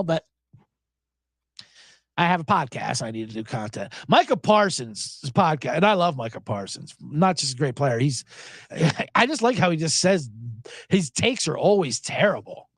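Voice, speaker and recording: A male podcast host riffs on his picks in an animated, sarcastic way and swears freely. His pitch swings widely, and the dry recording has no room sound. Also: unhurried, no room sound. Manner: animated, sarcastic, profane, laughs often. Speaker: sports betting podcast host. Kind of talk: casual solo podcast talk.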